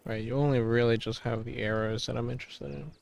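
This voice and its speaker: A man's voice: mid-range voice, steady tone, fast talker, vocal fry, a little mellow. A man streaming a video game and commenting as he plays, rambling and swearing casually to fill dead air. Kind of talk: gameplay commentary.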